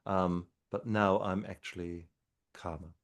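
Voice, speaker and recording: A man speaking as a guest doctor in a podcast interview, talking in an earnest, encouraging way. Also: deep voice. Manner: speaks slower when calm.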